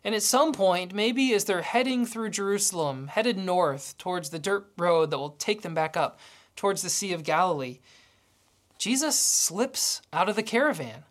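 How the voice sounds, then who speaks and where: A woman's voice: on the low side, expressive, moderate pace. A woman preaching a sermon, telling a story and acting out its dialogue.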